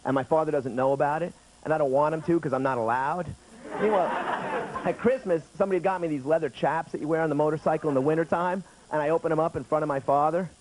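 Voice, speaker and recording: A man's voice: fairly high pitch, quick pace, darkish tone. A man in his thirties performing a stand-up routine on a late-night TV stage, chatty and acting out other people's lines. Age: 30s. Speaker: stand-up comedian. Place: TV studio stage with audience. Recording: noisy 1990s TV broadcast audio.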